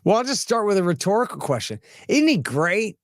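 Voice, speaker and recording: A man hosting a podcast, chatting casually and telling animated, chuckling stories. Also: high voice, fairly quick, no echo, clean studio sound. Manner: animated, chuckling, repeats phrases. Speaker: podcast host. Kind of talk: casual chat, anecdotal storytelling.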